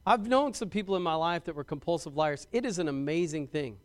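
A man's voice: fairly high pitch, animated, brisk. A man preaching a sermon to his congregation in a conversational way, often restarting and repeating words and asking the congregation questions. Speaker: pastor.

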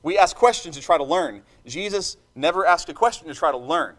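This preacher's voice is noticeably high, animated and brisk with a fairly bright tone. Delivering his sermon from the pulpit with passion and emphasis, he calls on the congregation to respond.

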